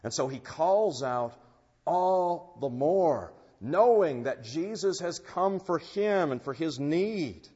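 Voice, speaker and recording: A man preaching a sermon in an earnest, unhurried way, rising in force on key phrases. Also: fairly high pitch, animated, mellow, slightly rough. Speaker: pastor. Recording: dull sound with long church reverb.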